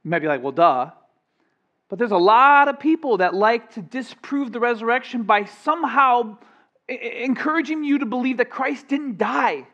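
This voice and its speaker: A man preaching a sermon in a very high voice, lively and emphatic, with playful asides to the congregation. The recording sounds dull and lo-fi. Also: moderate pace. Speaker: pastor.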